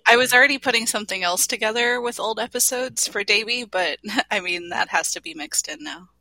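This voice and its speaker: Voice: medium pitch, brisk, sharp tone, no echo, poor audio. A podcast host who asks questions in casual chat and laughs often. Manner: giggly, asking questions.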